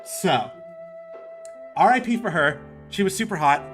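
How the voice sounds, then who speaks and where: A man's voice: high-pitched, expressive, a little slow, a bit bright, faint music behind. A young man telling a story in a casual, rambling streamer style, full of filler words and swearing.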